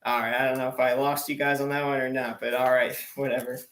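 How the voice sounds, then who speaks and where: Male comic on a live stream, mid-pitched and chatty, laughs at his own gags, reverberant room. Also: little pitch movement, fast talker, a bit bright. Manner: chatty, self-deprecating, laughs at own jokes. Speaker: stand-up comedian. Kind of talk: live-streamed stand-up joke telling.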